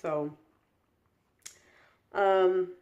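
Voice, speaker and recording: A young woman with a slightly low voice chats casually through a vlog update. She sounds tired and rambles with lots of fillers and restarts. Her new braces give her a slight lisp. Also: fairly even intonation, drawn-out words, a little mellow, muffled recording. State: tired, yawning. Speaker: vlogger.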